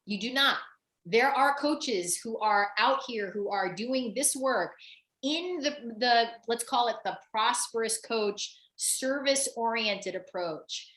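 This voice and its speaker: Bright, emphatic woman coaching in a roomy room. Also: a little high, slow. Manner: animated, emphatic, many "like" fillers and repeats. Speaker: business coach hosting a webinar. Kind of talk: live coaching conversation.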